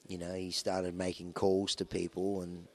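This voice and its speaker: A man with a very low voice, chatting through an interview. He tells long rambling stories about his band, full of fillers and restarts. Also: completely flat delivery, normal speed, darkish tone. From Australia. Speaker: rock band musician interviewed. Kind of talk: casual interview storytelling.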